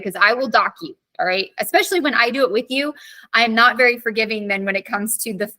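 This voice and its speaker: A woman government teacher giving a casual live online lesson, chatty and animated, full of fillers as she tells stories. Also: a little high.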